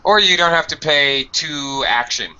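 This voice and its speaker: A man's voice: fairly high pitch, unhurried, sharp tone, smooth, lo-fi sound. A man teaching English to a small online group, explaining grammar patiently and acting out example sentences.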